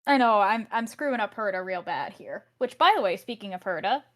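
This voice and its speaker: A woman's voice: medium pitch, animated, brisk. A woman playing in a tabletop game, chatting casually and apologizing with a laugh. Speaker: player.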